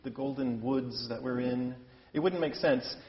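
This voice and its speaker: A man's voice: mid-range voice, unhurried. A man from the US Midwest teaches opera singers in a chatty, self-deprecating way, gesturing as he talks. His voice carries a long reverb from a hall. The recording sounds a little dull. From Iowa, US Midwest. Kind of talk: lecture-demonstration.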